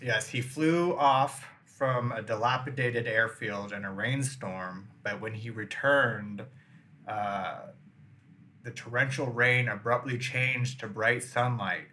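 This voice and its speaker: A man's voice: medium pitch, slow pace, sharp tone, slight background noise. A young man hosting a casual chat, telling a mystery story full of "like" and "um", then reading out the facts. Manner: filler-heavy, reads facts then riffs. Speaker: podcast host.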